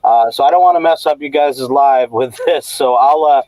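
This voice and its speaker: A man's voice: medium pitch, moderate pace, warm tone, no echo, rough recording. A man joining a live stream as a guest, apologetic and hesitant, with many fillers. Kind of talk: casual live-stream chat. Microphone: laptop over a slow hotspot.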